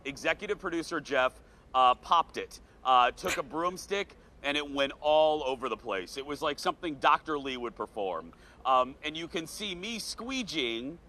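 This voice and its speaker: A man from the American South hosting a morning TV show outdoors at a fair, earnest and emotional, speaking slowly. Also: fairly high pitch, lively intonation, sharp tone. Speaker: TV show host. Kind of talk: morning TV chat. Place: outdoor state fair set.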